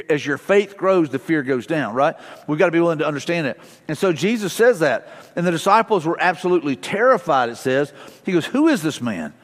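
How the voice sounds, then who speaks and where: Middle-aged pastor preaching in a reverberant hall. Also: male voice, a little high. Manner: casual, storytelling, frequent fillers and restarts. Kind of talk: conversational sermon. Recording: long reverb of a large hall.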